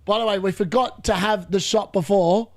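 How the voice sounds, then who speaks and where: A young man commentating live on football matches for a fantasy football stream, chatting along and bursting into shouts at near misses. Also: sits high, steady tone, normal speed. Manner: chatty, muttering asides between reactions.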